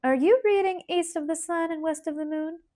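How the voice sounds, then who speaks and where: A woman voicing a bustling, peppery middle-aged schoolteacher aunt with a twang, speaking in a brisk, teacherly manner in an audiobook. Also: very high-pitched, mellow, voice pushed up. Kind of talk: audiobook character voice.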